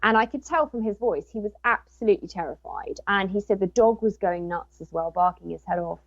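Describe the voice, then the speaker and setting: A woman's voice: medium pitch, fairly quick, no room sound, muffled recording. A woman, a guest and author, telling a personal story in casual talk and acting out what people said. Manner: animated retelling with quoted dialogue.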